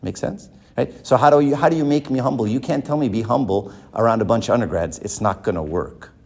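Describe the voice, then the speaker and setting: A man, a professor teaching a church class, lecturing in an animated way and checking in with his listeners often. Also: mid-range voice, quick pace, gravelly. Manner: animated, keeps checking in with "right?". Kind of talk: lecture with rhetorical questions.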